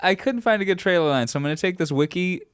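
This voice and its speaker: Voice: mid-range voice, lively intonation, fast talker. Podcast host reading movie trivia. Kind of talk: casual chat, reading trivia aloud.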